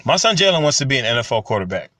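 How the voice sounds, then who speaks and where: A man, talking casually and getting animated when he tells stories. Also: mid-range voice, very fast, no echo. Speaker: commentary channel host. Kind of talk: casual monologue to camera.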